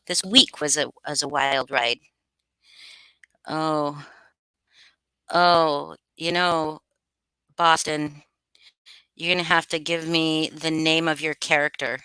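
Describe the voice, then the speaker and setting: A woman's voice: sits low, steady tone, unhurried, pauses often, pushed and bright, clean tone, no echo. A woman hosting a casual livestream, greeting chat names and swearing freely. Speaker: livestream host.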